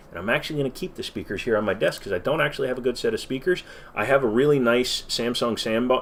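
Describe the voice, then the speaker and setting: A man hosting a casual livestream Q&A from his desk, rambling with lots of fillers and self-deprecating asides. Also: medium pitch. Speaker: channel host.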